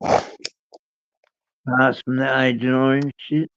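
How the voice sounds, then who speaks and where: A man's voice: mid-range voice, little pitch movement, a little slow, clear, resonant tone, no room sound, highs cut off. A man chatting casually, laid-back, mostly giving short replies. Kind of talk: casual chat.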